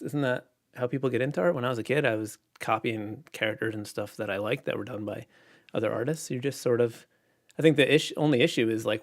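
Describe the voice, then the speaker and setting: A man chatting casually on a livestream, reading out viewer questions and answering in a relaxed, rambling way with lots of fillers. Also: lowish voice, vocal fry. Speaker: illustrator livestreaming.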